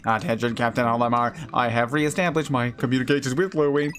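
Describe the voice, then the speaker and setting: A man voicing a deep-voiced male ship's robot that talks in a stiff, formal, dutiful way. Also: steady tone, brisk, fairly bright tone, faint music behind, natural voice.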